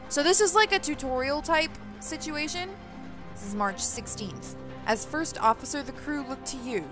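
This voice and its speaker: Chatty woman reading game text aloud. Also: medium pitch. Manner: excitable, chatty, reacts aloud while reading. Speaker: let's play host.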